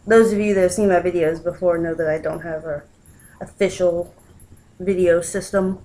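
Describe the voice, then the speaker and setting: With a warm, steady tone and a normal speed, a young vlogger chats casually while unboxing a package in her home. She breaks off now and then to coo at her cat in a high baby voice. Her laptop's built-in mic delivers poor audio.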